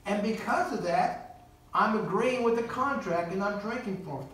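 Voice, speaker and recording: Male preacher, high voice, heard from off the mic in a very echoey church hall. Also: normal speed, a bit bright, recorded from a distance. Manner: earnest preaching with quoted voices and asides. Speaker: guest preacher. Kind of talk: sermon. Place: church sanctuary.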